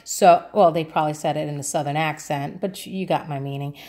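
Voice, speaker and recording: A woman's voice: deep voice, steady tone, a little fast, warm tone. A woman from New York City, a vlogger chatting casually through a grocery haul, rambling along with lots of ums and uhs.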